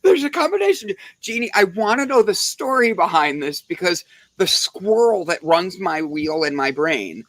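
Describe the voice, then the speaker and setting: Lively pitch, dry close sound, joking storyteller, co-host. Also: a little slow, no echo. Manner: animated, joking storyteller with big laughs. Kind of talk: casual chat.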